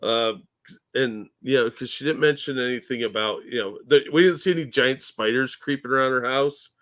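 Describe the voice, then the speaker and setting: A man's voice: medium pitch, normal speed, fairly bright tone. A man co-hosting a casual podcast, easygoing, agreeable and joking. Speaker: podcast co-host.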